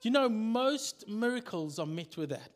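A male pastor preaching a sermon in an animated storytelling manner, acting out the scenes. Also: high-pitched, unhurried.

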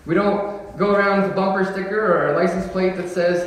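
A man's voice: sits high, steady tone, fairly quick. A young adult man preaching a sermon in a casual, joking way that builds to emphatic declarations. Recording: echoey hall, voice from far off.

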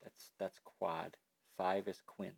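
Male podcast co-host with a gravelly voice, sarcastic, close dry mic. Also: deep voice, little pitch movement, slow pace, darkish tone, no room sound. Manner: sarcastic, jokey interjections. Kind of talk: casual chat.

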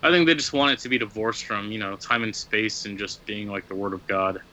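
Bright-voiced man in rambling casual chat. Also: fairly low pitch, fairly quick, a little hiss or hum. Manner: rambling, many fillers and restarts. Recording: dull lo-fi sound.

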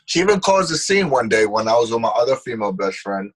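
A man's voice: mid-range voice, very animated, fast talker, breathy edge. A man with a New York accent telling blunt, profane stories as a podcast co-host in casual chat.

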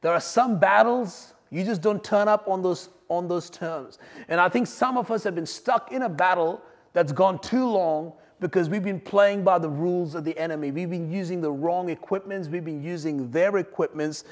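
A man preaching a sermon, swinging between loud emphatic lines and quiet asides. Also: sits high, long reverb tail. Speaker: pastor.

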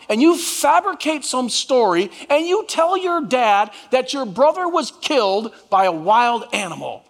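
A man's voice: very high voice, long reverb tail. A man preaching a sermon as pastor, drawing the congregation into call and response. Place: church sanctuary.

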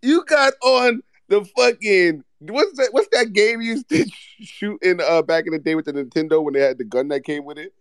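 A high-voiced man teases a friend in a casual live-audio chat, loud and profane, cackling between jabs. The sound is close and dry, with no room around it. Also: animated, normal speed, hardly any pauses, no echo. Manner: loud, profane, teasing roast with frequent laughter. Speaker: podcast co-host.

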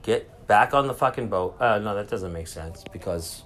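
With a fairly low, fairly bright voice and a moderate pace, a podcast host rambles through a solo story in his cruise ship cabin, swearing freely and easily sidetracked. A little hiss or hum is present, and public announcements play in the background.

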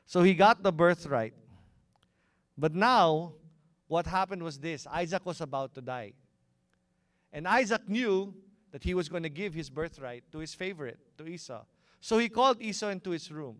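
A man's voice: fairly high pitch, animated, moderate pace, pauses often, no echo, clean studio sound. A man preaching a sermon and often asking the congregation questions. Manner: engaging, asks the congregation questions. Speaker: pastor.

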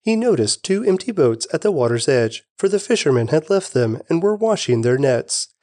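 A man giving a steady, expressive scripted reading of scripture. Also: on the high side, normal speed, no echo, clean studio sound. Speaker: scripture reader.

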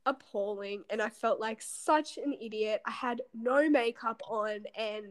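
A woman's voice: fairly high pitch, measured pace. A young woman, co-hosting a podcast and telling a story in casual chat, giggly and self-mocking. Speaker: podcast co-host. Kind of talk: casual chat between friends.

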